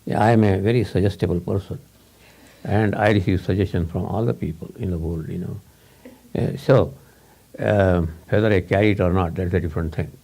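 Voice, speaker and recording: A man's voice: low voice, steady tone, brisk, dark tone. A man giving a rambling, informal talk to a small audience, repeating words and laughing often.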